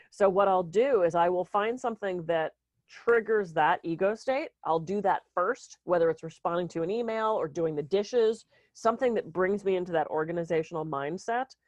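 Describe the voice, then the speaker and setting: This woman co-hosts a casual podcast and talks candidly, often poking fun at herself. Her voice sits on the low side for a woman. It is picked up close and dry, with no room sound behind it. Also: moderate pace, a little mellow, no room sound, muffled recording. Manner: candid, storytelling, self-deprecating. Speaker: podcast co-host, speaker and coach. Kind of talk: casual chat.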